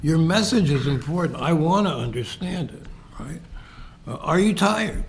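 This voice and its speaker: A man's voice: fairly high pitch, expressive, normal speed, slight background noise. A man co-hosting a casual podcast, talking reflectively and acting out little example exchanges. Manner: reflective, explains with examples and acted-out quotes. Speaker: podcast co-host.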